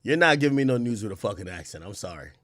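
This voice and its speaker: A man's voice: fairly low pitch, animated, very fast, fairly bright tone, dry recording. A man streaming, reacting to news clips with incredulous, profane, laughing commentary.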